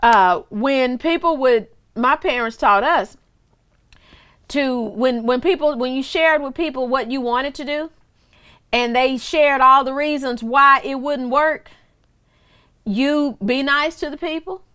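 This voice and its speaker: High-voiced woman minister in her forties. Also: takes it slowly, pushed and bright, clean tone. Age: 40s. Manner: conversational and playful, with laughter and asides to the cameraman; repeats words and restarts often. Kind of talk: casual teaching sermon.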